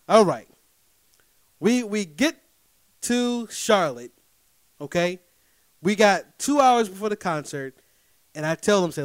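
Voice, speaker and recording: A man spins a personal story straight to his audience in a slightly high voice, animated and emphatic. He keeps checking in with his listeners and swings from loud bursts to low, muttered asides. The sound is close and dry, with no room around it. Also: slow, long pauses, clear, resonant tone, dry recording. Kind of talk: casual storytelling monologue.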